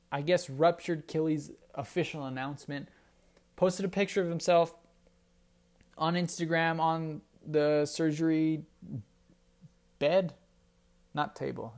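A man hosting a solo sports podcast, talking casually and rambling with restarts. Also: a little high. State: briefly choked up. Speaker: podcast host.

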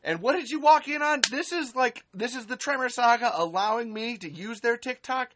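A woman's voice: a little high, normal speed, background noise. A woman hosting a live stream, ranting angrily and sarcastically with heavy swearing and repeated emphasis. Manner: angry, profane, sarcastic, repeats herself for emphasis. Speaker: podcast host on a live stream.

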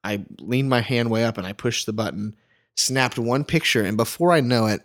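A man's voice: medium pitch, moderate pace. A man co-hosting a casual podcast, a wedding photographer telling stories animatedly and peppering his talk with "like". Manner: animated storytelling, frequent "like".

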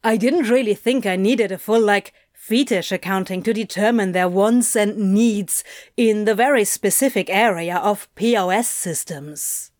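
Woman voicing a sarcastic, deadpan salesman. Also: mid-range voice, unhurried, dry recording, lightly acted. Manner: dry, sarcastic. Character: sardonic young male salesman, deadpan.

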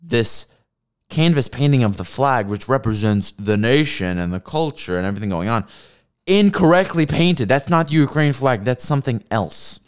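A man's voice: mid-range voice, expressive, moderate pace, clean tone. A man hosting a solo comedy podcast, ranting in a rambling, profane and mocking way. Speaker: podcast host.

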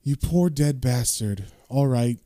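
Weary comic-book occult detective, low and dry, as a man reads him, mellow tone. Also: expressive, takes it slowly, no echo. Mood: weary, wry. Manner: low, dry, tired delivery. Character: weary male occult detective, wry, gruff.

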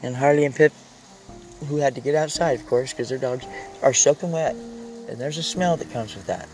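Man, mid-pitch, casual vlog monologue; rambling, emotional delivery, sentences drift off. Faint music underneath. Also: moderate pace, darkish tone, rough recording. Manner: rambling, raw and heartfelt, trailing off mid-thought. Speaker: vlogger. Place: inside a vehicle he lives in.

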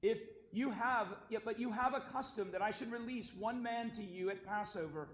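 A stern Roman governor, read aloud by a man with a high, forceful delivery that presses each question home. The voice rings in an echoey church sanctuary with faint ambient noise behind. It is a liturgical scripture reading. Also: moderate pace, lightly acted. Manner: raised, emphatic questioning.

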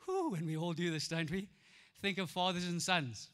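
A man with a South African accent preaching a lively, playful sermon as a pastor, acting out voices and often laughing. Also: high-pitched, normal speed. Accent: South African English. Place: church auditorium. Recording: echoey church hall.

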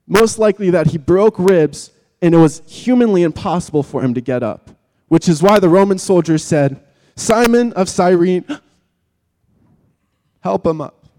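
A man preaching with a somewhat high voice, dramatic and vivid, pressing hard on key words and then falling to near a whisper. His voice rings out with a long reverb, as in a large church hall. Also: normal speed. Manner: vivid, dramatic, swings from loud emphasis to hushed tones. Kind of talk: sermon.

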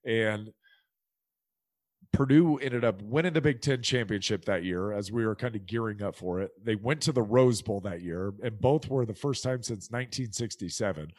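As a guest in a relaxed podcast interview, a middle-aged former football player from the US recounts his life, animatedly voicing the people he quotes. He speaks at a normal speed in a lowish voice, with no room sound in the recording.

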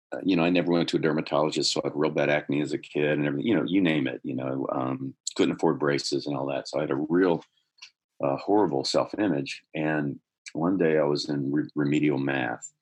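A middle-aged man with a husky voice, earnestly telling a personal story in conversation, growing more animated as he goes. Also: a bass voice, a little fast. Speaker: guest telling his life story.

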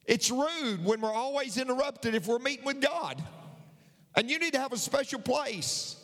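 A man's voice: very high voice, expressive, moderate pace, a bit bright, long reverb tail. A man preaching a sermon in a folksy, conversational way, repeating his key lines for emphasis.

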